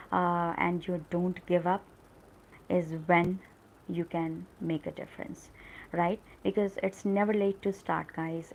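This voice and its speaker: A woman's voice: on the low side, vocal fry, dull audio, a little hiss or hum. A woman with an Indian English accent, hosting a live English lesson and talking in a chatty, encouraging way with many fillers. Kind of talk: casual live-stream talk.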